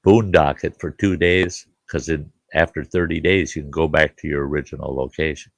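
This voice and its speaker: In a relaxed live chat, a middle-aged man who hosts a campground spins meandering, foul-mouthed campfire yarns at a normal pace. His voice is deep and gravelly, he laughs at his own gags, and the recording sounds close and dry without any reverb.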